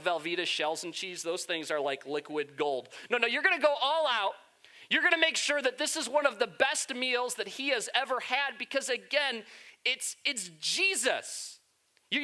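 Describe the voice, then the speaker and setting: A pastor preaching a sermon in a church with animated, playful storytelling. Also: male voice, sits high.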